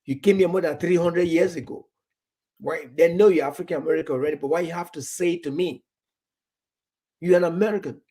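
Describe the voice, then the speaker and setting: A man's voice: a little high, steady tone, a little fast, pauses often, mellow. A man from Nigeria talking in casual chat, rambling, repeating words and acting out bits of dialogue.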